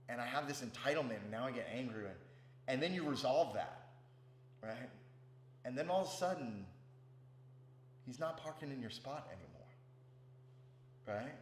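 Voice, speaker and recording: A man giving a casual, profane spiritual talk as a meditation teacher, often checking in with "right?". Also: mid-range voice. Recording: roomy with faint hum.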